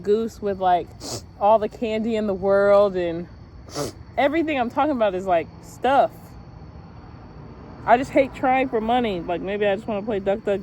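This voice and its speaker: A woman's voice: mid-range voice, a little mellow, slight background noise. A young woman vlogging while sitting outdoors in a parking lot, musing aloud in a loose, profane, laughing way. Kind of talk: rambling casual vlog.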